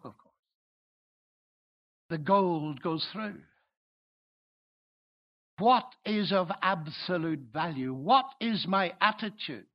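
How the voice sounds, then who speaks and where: A man preaching a sermon to an audience, emphatic and swelling now and then into loud exclamations. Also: high voice. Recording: dull lo-fi recording.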